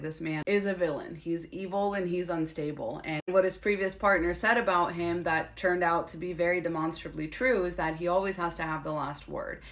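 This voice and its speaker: A woman's voice: on the low side, a bit bright. A woman giving casual, opinionated commentary, blunt and sarcastic and swearing freely.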